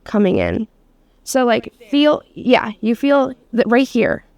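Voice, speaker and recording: A woman's voice: on the high side, steady tone, takes it slowly, vocal fry, no room sound. A woman teaching a hands-on massage therapy class, talking casually with lots of fillers and the odd swear word. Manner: casual, chatty, many fillers and laughs, swears.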